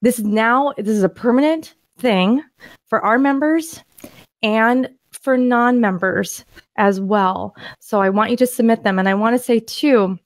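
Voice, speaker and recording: A woman co-hosting a podcast, excitedly walking through property deals on screen in a casual, rambling way with frequent restarts. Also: a little high, a little slow, no room sound. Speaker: podcast co-host and land investor. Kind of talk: casual screen-share deal walkthrough.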